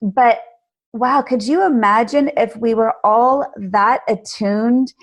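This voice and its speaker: A woman guest on a podcast interview, telling stories in an animated way. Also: fairly high pitch, slow pace. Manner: animated storyteller. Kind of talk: conversational interview.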